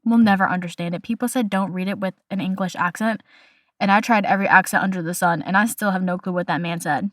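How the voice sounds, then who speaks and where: A woman's voice: mid-range voice, fairly even intonation, fast talker, dry recording, studio quality. A young woman hosting a casual podcast, chatty and opinionated, delivering playful hot takes. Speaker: podcast host.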